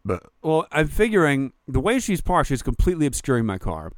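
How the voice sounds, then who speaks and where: A man tells stories with a lot of swing in his pitch, slipping into other people's voices as he goes. His voice is smooth and clear, recorded close and dry, and he swears freely. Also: brisk, no room sound. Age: 40s. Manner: animated storyteller, swears freely, acts out quotes. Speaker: podcast co-host. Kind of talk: casual chat.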